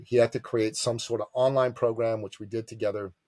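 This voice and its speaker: A man telling a business story as a podcast guest, animated and emphatic, calling the listener brother. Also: medium pitch, fairly quick, no echo.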